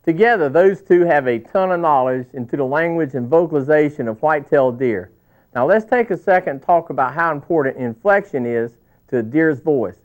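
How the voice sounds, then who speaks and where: A man's voice: a little high, animated, fairly quick. A man hosting an instructional video, presenting in a folksy scripted way and calling himself a cowboy. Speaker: video host. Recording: tinny, phone-like old VHS sound.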